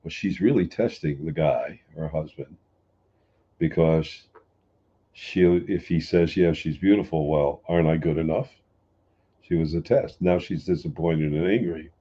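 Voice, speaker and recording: A man's voice: rumbling low, unhurried, dark tone, breathy edge. A man talking in a folksy, plain-spoken way, joking lightly as he explains. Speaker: speaker answering a question. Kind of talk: relaxed spoken talk. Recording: dull lo-fi sound.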